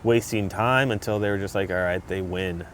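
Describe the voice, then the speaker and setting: A man's voice: sits low, normal speed, a little hiss or hum. A man co-hosting a podcast in laid-back casual chat, laughing often and letting his sentences trail off. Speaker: podcast co-host.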